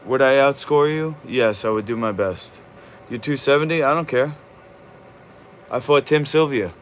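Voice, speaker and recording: Combative guy talking smack to his chat, mid-pitched voice, a bit of kitchen hum. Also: moderate pace, a bit bright. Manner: brash trash-talking, combative. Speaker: martial arts streamer. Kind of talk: livestream talking back to chat. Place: home kitchen.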